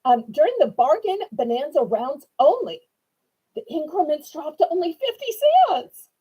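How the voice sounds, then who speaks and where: Bubbly woman with a lively, high voice. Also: moderate pace, low-quality recording. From New Orleans, Louisiana. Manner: sweet, chatty, animated and eager to please. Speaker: live auction seller. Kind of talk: live-stream sales chat.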